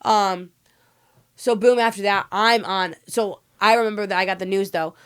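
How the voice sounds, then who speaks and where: A woman guest on a podcast, telling her story candidly in an emotional, rapid way, full of "like" fillers and swearing. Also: medium pitch, fairly even intonation, clean tone.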